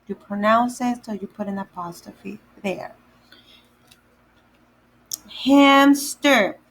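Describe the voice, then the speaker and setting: This woman, a Spanish teacher at a day camp, leads a kids' vocabulary lesson by slowly repeating every word and then spelling it one letter at a time. She speaks at a medium pitch with a slightly bright tone, over a rough recording with slight background noise.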